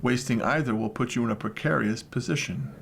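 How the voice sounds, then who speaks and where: A man reading newspaper horoscopes, death notices and comics aloud in a steady, plain manner. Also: medium pitch, brisk, creaky. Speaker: volunteer newspaper reader. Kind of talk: read-aloud news and features.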